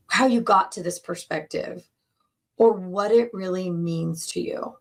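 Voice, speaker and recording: A woman coach talks earnestly about relationships, laying out each point in slow, deliberate phrases. Her voice has a gravelly, husky edge and sits at a middle pitch. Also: darkish tone. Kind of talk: teaching talk on relationships.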